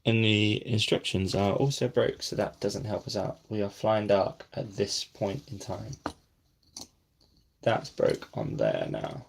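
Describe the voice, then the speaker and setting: A low, creaky man's voice, a little slow but lively in intonation, comes with slight hiss or hum. He's a brick-building vlogger talking himself through a build in casual, self-deprecating commentary, falling to a near whisper when concentrating.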